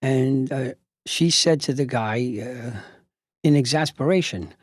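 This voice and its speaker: A man's voice: mid-range voice, expressive, normal speed, no room sound, studio quality. An older man, a retired judge, telling a story from a past case in a rambling way, with many fillers and restarts. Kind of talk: storytelling monologue.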